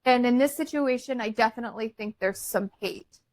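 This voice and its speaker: Middle-aged woman podcast host, high bright voice, chatty storyteller, dry close sound. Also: a little fast, dry recording, poor audio. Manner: chatty, teasing, retells stories with quoted dialogue. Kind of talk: casual chat.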